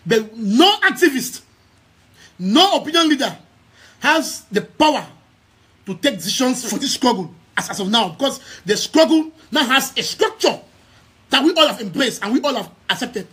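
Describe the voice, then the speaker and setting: A man's voice: very high voice, very animated, moderate pace, bright, forceful tone, husky. A young man with a Cameroonian English accent addresses his followers on a live stream, emphatic and repetitive, restarting his words often as an activist. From Southern Cameroons. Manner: emphatic, repeating key phrases, many stammered restarts. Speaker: activist and news outlet head.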